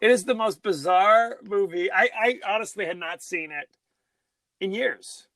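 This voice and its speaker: A man with a notably high, bright voice, talking in loose, excitable podcast chat. He laughs a lot and bursts into exclamations. The sound is close and dry. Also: a little slow, no echo. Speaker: podcast co-host. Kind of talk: casual chat.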